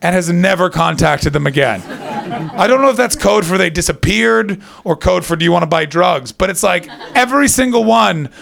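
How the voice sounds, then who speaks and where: A man's voice: high-pitched, expressive, normal speed, vocal fry, fairly bright tone. A young Canadian man with a Canadian accent doing a chatty, sarcastic stand-up set and bantering with the crowd at a comedy club. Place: comedy club before a live audience.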